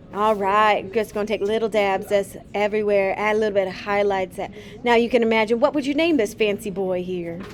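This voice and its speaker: A woman art teacher walks a classroom through a painting technique in a gentle, chatty way. Her voice sits a little higher than most. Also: slight background noise. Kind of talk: painting demonstration.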